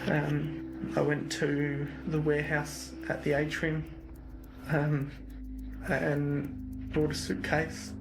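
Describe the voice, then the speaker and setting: Flat, halting New man confessing. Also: on the high side, vocal fry, poor audio. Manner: hesitant, flat, lots of ums and restarts. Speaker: interviewee in a police interview. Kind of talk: recorded police interview confession. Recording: archive interview audio with music under it.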